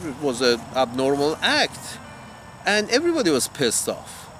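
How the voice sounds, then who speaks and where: A man's voice: on the high side, huge pitch swings, moderate pace, fairly bright tone, slight background noise. A man ranting in a heated, profane monologue, repeating himself and restarting as he goes. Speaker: commentator.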